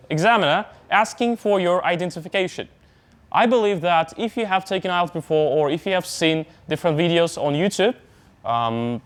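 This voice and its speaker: A young man with an Uzbek accent teaching an English exam class in a relaxed, chatty way, full of fillers and asides. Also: sits high. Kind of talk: classroom lecture on exam speaking.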